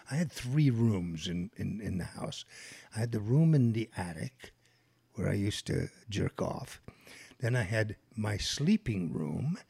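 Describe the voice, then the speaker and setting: A low, gravelly older man from New Jersey, with a husky edge to his voice. He talks in loose, rambling podcast banter, wanders through off-color stories and laughs easily. His pitch swings widely as he tells them. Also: a little mellow. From New Jersey, USA.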